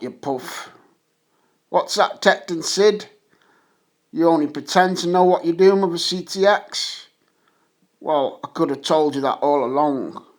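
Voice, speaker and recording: Brief: man putting on a gruff, slow-talking pirate, jeering, fairly high for a man. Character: gruff insulting male pirate talking to donkeys.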